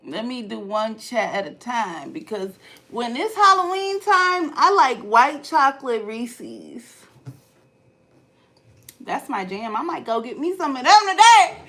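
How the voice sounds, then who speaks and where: A woman vlogger from Ohio, telling stories casually to her live chat and swinging from hushed asides to loud outbursts. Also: a little high, very animated, a little slow.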